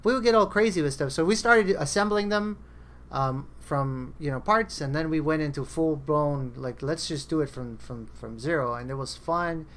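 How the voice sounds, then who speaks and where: Speaking at a normal speed, this man has a somewhat high, slightly bright voice. He hosts a podcast in a relaxed, chatty way, wandering through anecdotes and performing what his friends said.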